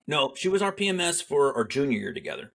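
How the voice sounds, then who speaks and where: A man's voice: on the high side, fast, creaky. A middle-aged man telling his military story in casual conversation, acting out the people he quotes. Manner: animated, acts out quoted dialogue. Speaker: guest, Army veteran.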